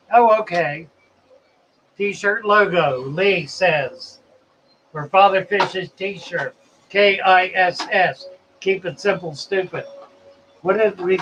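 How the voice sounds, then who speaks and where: Slow-talking man hosting a live chat. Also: a little high, sharp tone, slight background noise, low-quality recording. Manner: unhurried and chatty, musing aloud. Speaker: live stream host. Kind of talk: casual live chat, reading viewer comments aloud.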